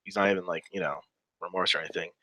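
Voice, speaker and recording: A man's voice: deep voice, steady tone, rapid-fire, sharp tone, dry recording, rough recording. A man giving casual, sarcastic commentary while reading through a chat log aloud, with wry asides.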